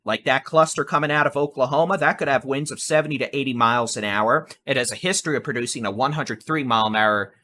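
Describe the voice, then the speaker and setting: A man's voice: medium pitch, bright, forceful tone. A man giving live severe weather coverage in a conversational, reassuring way, addressing the viewers directly as folks. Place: home studio with air conditioner.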